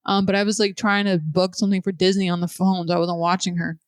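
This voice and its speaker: A woman co-hosting a podcast, telling a story with lively acted-out quotes and plenty of swearing. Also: on the low side, fast, no room sound, clean studio sound. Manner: animated storytelling, acts out quotes, swears freely. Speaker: podcast co-host. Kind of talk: casual chat.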